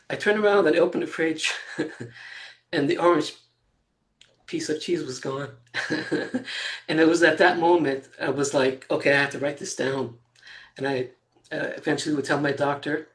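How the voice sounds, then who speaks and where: A man in his sixties, a guest in an interview, telling a personal story in a halting way, with fillers and soft laughs between phrases. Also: on the high side. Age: 60s.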